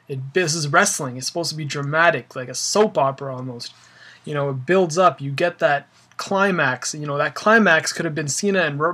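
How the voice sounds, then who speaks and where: A man's voice: fairly high pitch, bright, forceful tone. A young man ranting casually about wrestling, rambling with lots of fillers and an exasperated tone. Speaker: wrestling fan vlogger. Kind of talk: casual opinion rant.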